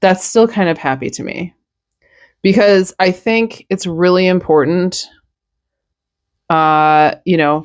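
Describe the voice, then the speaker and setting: A tired young woman hosts her own news podcast and rants bluntly in casual, profane talk. Her voice sits low for a woman, and the recording is dry and close on the mic. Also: dry recording. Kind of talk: casual opinion monologue.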